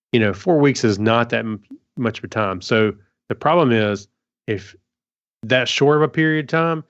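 A man co-hosting a podcast, reading a news article aloud in a casual way, tripping over words and adding his own asides. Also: mid-range voice. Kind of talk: casual chat. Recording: dull lo-fi audio.

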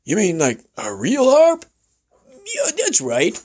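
A man voicing a loud, cheery male cowboy radio host who talks high and over the top. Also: huge pitch swings, slow, breathy edge, full character voice. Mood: cheery showman.

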